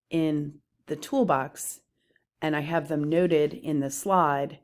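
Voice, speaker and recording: A woman with a low voice teaches poetry terms from her slides. She speaks slowly and deliberately, pausing as she explains each term. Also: fairly even intonation, a little mellow.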